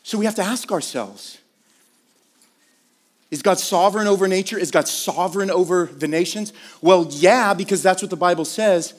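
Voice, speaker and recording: High-voiced man preaching a sermon. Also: moderate pace, big-room sound. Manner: conversational preaching, rising to emphatic questions. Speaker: pastor.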